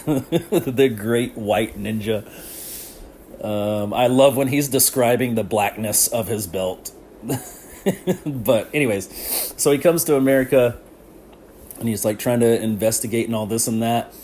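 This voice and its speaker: A man's voice: lowish voice, a little slow, long pauses, a little mellow, a little hiss or hum. Rambling, laughing man on a podcast. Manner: laughs often, loose rambling delivery with slang. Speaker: podcast host. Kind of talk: casual solo podcast chat.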